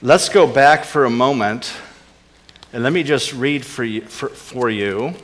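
A man preaching a sermon with earnest emphasis, his voice rising on key points and dropping to soft, low asides. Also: a little slow, in a large hall. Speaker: pastor.

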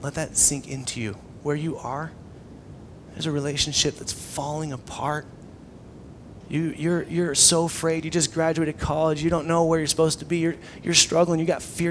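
Young male pastor, slightly high voice, casual sermon delivery that drops to near-whispers, faint hiss behind. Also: moderate pace. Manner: conversational preaching, swings between loud emphasis and hushed tones.

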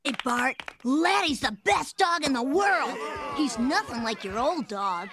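A woman's voice: high-pitched, lively intonation, measured pace, noisy background. A woman voicing a whiny, nerdy young boy in a cartoon, with an accusing tone. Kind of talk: cartoon voice acting.

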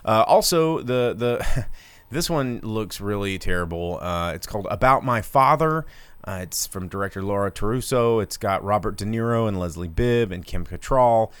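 A man's voice: lowish voice, expressive, normal speed, fairly bright tone, smooth, no room sound. A man co-hosting a live show, chatting casually and joking around. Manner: jokey, puts on mock voices. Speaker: podcast co-host. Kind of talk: casual chat.

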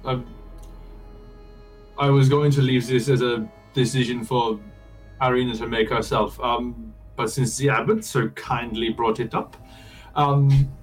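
A man's voice: mid-range voice, fairly even intonation, a little slow, distant mic, soft background music, low-quality recording. A man playing a character in a tabletop game, hesitant and full of restarts. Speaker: player.

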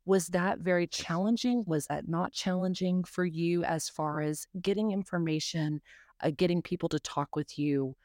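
A woman's voice: fairly low pitch, normal speed, a little mellow, no room sound, studio quality. A woman from North Carolina hosting a podcast interview, talking casually with a lot of fillers. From Charlotte, North Carolina. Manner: chatty, many fillers and hedges. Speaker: podcast host.

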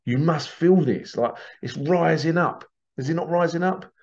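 A man's voice: on the high side, moderate pace, darkish tone, muffled recording. A man hosting a podcast, talking earnestly in a rambling, repetitive monologue. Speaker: podcast host. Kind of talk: casual monologue.

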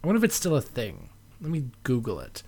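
A man's voice: mid-range voice, huge pitch swings, quick pace, dark tone, husky. A man giving wry, self-mocking asides while commenting on an old episode of a podcast. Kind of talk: casual commentary.

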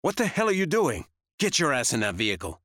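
A man voicing a gruff gang leader who barks curt, swearing orders. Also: on the high side, huge pitch swings, brisk, a bit bright, no room sound, studio quality, voice pushed up, full character voice. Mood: commanding.

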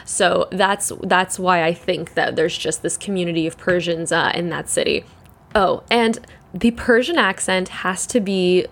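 A young woman in her twenties chats on her own as host, her voice sitting a little low. She rambles loosely, fills her talk with "like", swears freely and laughs a lot. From Canada. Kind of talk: casual solo chat.

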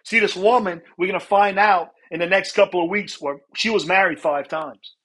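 High-voiced man preaching with a husky voice. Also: moderate pace, pushed and bright. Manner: earnest, repeats words, asks "right?" often. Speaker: pastor. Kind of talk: sermon.

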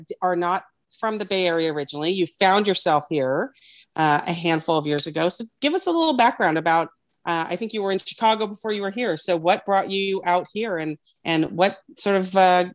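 A woman's voice: fairly low pitch, moderate pace. A woman hosting a casual podcast, opening the show, joking about herself and introducing her guest. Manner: friendly, self-deprecating host banter. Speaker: podcast host.

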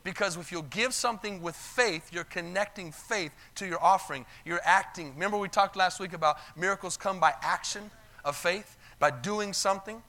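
Man, pastor, sermon storytelling, high voice, bright tone, calls for amens. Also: moderate pace, hardly any pauses. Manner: retells stories in quoted voices, calls for amens. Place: church sanctuary.

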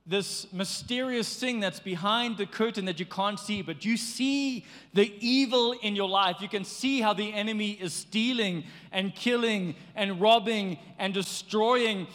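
A man preaching a sermon in a lively, conversational way, slipping into playful acted asides. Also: high voice, big-room sound. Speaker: pastor.

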